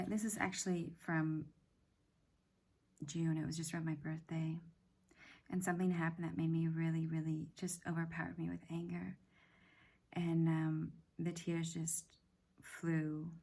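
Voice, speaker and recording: Soft half-whispering woman, gravelly and husky. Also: sits low, little pitch movement. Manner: often half-whispered, gentle and halting. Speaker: self-help practice host. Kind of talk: soft-spoken personal reflection.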